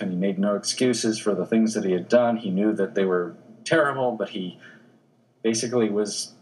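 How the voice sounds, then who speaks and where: A man who is a newspaper obituary editor, a guest in an interview, telling anecdotes in an animated way with frequent restarts. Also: fairly low pitch, low-quality recording.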